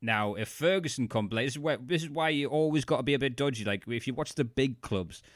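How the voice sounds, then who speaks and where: A man's voice: mid-range voice, fast, no echo, clean studio sound. A man co-hosting a casual podcast chat, blunt and swearing freely. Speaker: podcast co-host.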